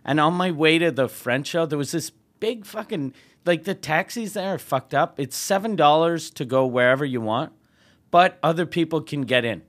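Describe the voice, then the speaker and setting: A man's voice: fairly high pitch, lively intonation, normal speed, a bit bright. A male comedian and podcast host telling a story in a casual, profane way, laughing as he goes. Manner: profane, laughing as he tells anecdotes.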